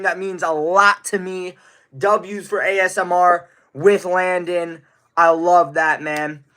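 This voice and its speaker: Young male streamer, slightly high voice, chatty and excitable, reads out viewer questions and shout-outs. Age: young adult. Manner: excitable, gives rapid shout-outs to donors. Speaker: live streamer. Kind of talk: casual live-stream chat.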